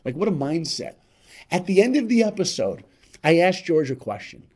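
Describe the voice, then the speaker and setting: A man as a podcast guest telling a motivational story, emphatic and repetitive, swinging between loud and hushed. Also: fairly high pitch, very animated, moderate pace.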